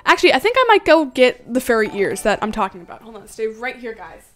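A woman's voice: a little high, very animated, a bit bright, slight background noise. Giggly, bubbly young woman streamer. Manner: giggly, bubbly, chatty, reads chat aloud; usually talks fast. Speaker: game livestreamer. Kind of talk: casual livestream chat while gaming.

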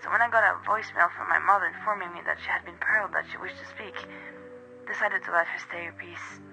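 Man reading a dark tale, gravelly. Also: high voice, rough recording. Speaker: horror story narrator. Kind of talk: first-person horror story reading.

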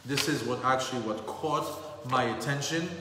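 A man teaching a Torah class, telling stories and repeating key phrases for weight. His mid-pitched voice rings through a very echoey hall with a long reverb tail. A faint hum of noise sits under the recording. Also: moderate pace. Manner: repeats phrases for emphasis, mixes in Hebrew terms. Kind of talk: storytelling Torah lesson.

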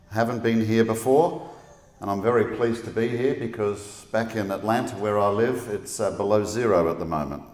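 A middle-aged man with an Australian accent giving a public lecture, laid-back and joking, talking quickly. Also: lowish voice. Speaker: guest speaker. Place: large lecture hall. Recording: echoey hall with long reverb.

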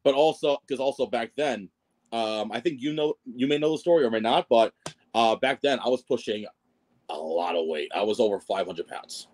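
A man's voice: mid-range voice, normal speed, darkish tone. A man as a podcast guest telling his wrestling ring announcer story, rambling and self-deprecating, with lots of fillers and restarts. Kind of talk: casual storytelling interview.

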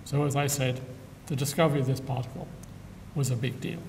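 An older man giving a public science lecture with dry humor and frequent filler pauses, recorded in a lecture hall from a distance. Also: steady tone, gravelly, a little mellow. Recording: echoey hall from far off, faint rumble.

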